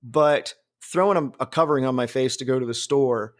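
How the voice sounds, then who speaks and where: A man's voice: medium pitch, brisk. A man hosting a casual podcast, rambling and swearing, often laughing at his own jokes. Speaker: podcast host.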